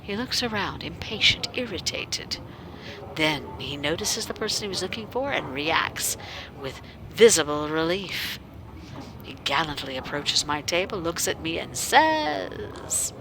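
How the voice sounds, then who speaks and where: A woman's voice: low voice, very animated, measured pace, background noise. A woman narrating her character in the first person during a tabletop game, wry and sardonic, often dropping into a whisper. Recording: clear music behind.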